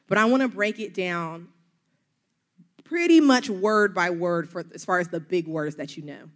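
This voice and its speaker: A woman's voice: on the low side, animated, normal speed. A middle-aged woman with a Southern US accent, preaching an earnest, encouraging sermon full of rhetorical questions.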